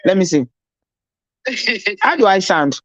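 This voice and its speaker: A woman with a Nigerian accent hosts a casual live stream without her usual mic. She chats with viewers, laughs often and drops into Pidgin, and her voice sounds husky. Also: medium pitch, big pitch swings, slow pace, no echo, highs cut off. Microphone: no proper mic, device mic.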